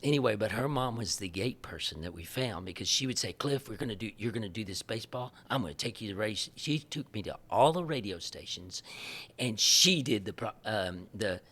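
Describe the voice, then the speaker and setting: A man, a missionary guest telling lively stories in an interview and acting out the dialogue, often laughing. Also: lowish voice, brisk. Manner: animated, laughing storyteller who acts out quoted dialogue. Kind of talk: storytelling in a podcast interview.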